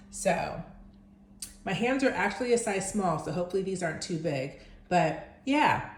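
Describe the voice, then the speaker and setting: A middle-aged woman chatting excitedly in a casual home makeover vlog, recorded indoors at her home. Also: on the low side, echoey room, a little hiss or hum.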